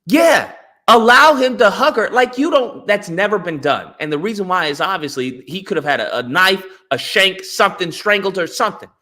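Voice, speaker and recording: Animated high-voiced man telling stories. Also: moderate pace. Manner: animated storytelling, acts out quoted voices. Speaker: guest. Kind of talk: casual podcast chat.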